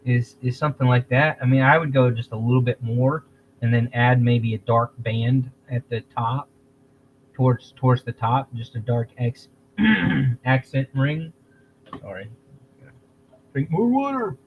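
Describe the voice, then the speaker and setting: A man chats unhurriedly on a livestream, circling back and restarting his sentences as he thinks aloud. His voice sits at an ordinary pitch, and the audio is dull and lo-fi with a faint hiss underneath. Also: fairly even intonation. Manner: rambling, halting, with many restarts and throat-clearing. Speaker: livestream host. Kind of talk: casual livestream chat.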